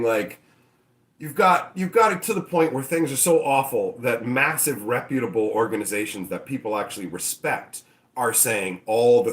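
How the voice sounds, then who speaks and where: A man hosting his own channel, ranting casually and profanely and acting out mocking voices. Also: mid-range voice. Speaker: channel host. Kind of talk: casual opinion rant.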